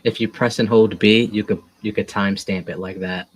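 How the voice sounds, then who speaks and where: A man's voice: lowish voice, fairly even intonation, a little fast, slightly rough, poor audio. A man chatting casually on a livestream, easygoing and helpful, chuckling often. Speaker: co-caller on the stream.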